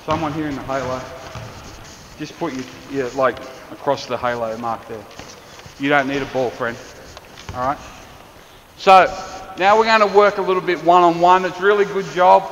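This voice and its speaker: A male basketball coach with an Australian accent, running an on-court clinic with quick, encouraging instructions to players. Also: fairly high pitch, a bit bright, slight background noise. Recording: echoey gym, dull lo-fi sound. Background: balls bouncing, faint gym ambience.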